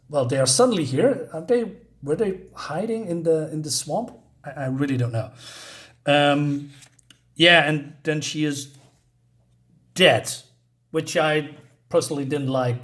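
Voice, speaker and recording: A man reviewing a comic book in casual chat, hesitant, with many fillers and restarts. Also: a little high. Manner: hesitant, many restarts and fillers, reads quoted lines aloud. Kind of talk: casual read-through of a comic.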